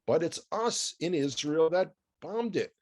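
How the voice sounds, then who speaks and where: A man's voice: on the high side, animated, unhurried. A man with a New York accent giving a chatty news commentary, wry and full of asides and rhetorical questions.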